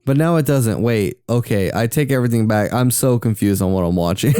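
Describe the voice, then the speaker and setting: A young man with a Southern US accent, co-hosting a casual movie watch-along podcast, quick to agree and easily excited. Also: on the low side, clear, resonant tone, no room sound, studio quality. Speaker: podcast co-host.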